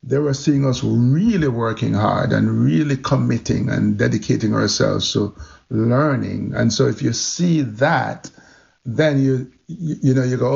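A man, a guest in an interview, telling his story in an animated, vivid way. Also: medium pitch, measured pace, creaky, highs cut off. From Jamaica.

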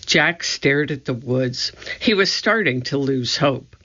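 A narrator reading a children's book aloud in an expressive storytelling manner. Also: mid-range voice, slow, lo-fi sound. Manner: expressive storytelling, voicing each character. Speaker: audiobook narrator.

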